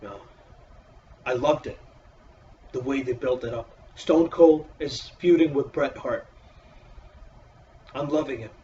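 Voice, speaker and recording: Man, wrestling reviewer, profane, exasperated, sarcastic, faint background hiss, mid pitch. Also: takes it slowly, pauses often, mellow, recorded from a distance, highs cut off. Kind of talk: casual ranting review.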